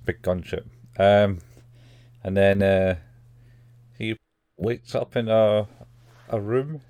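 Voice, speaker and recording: A man's voice: on the low side, takes it slowly, a little mellow, dry recording. A man casually recapping anime episodes as a podcast co-host, rambling and acting out the characters' lines.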